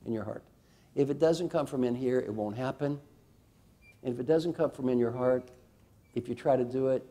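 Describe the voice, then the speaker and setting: Mellow-voiced man giving a motivational talk. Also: medium pitch. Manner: energetic and emphatic, asks the audience questions; slows and drops softly for a guided reflection. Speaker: speaker giving a talk on coaching. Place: conference hall before a live audience.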